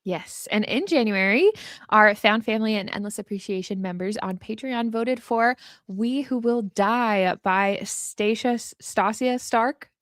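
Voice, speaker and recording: A woman's voice: medium pitch, unhurried, fairly bright tone, no room sound, studio quality. A woman co-hosting a casual livestream book chat, giggly and enthusiastic. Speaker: podcast co-host. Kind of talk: casual chat about books. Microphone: livestream desk mic.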